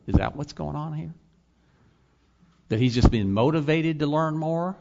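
A man's voice: on the high side, measured pace, vocal fry, darkish tone. Man preaching with rhetorical questions. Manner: rhetorical questions, rising to emphatic peaks. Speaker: pastor and college teacher. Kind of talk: sermon. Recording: slightly dull lo-fi sound.

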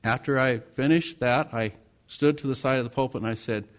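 Male pastor, sermon storytelling, dramatic swings from hushed to loud. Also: medium pitch, steady tone, brisk.

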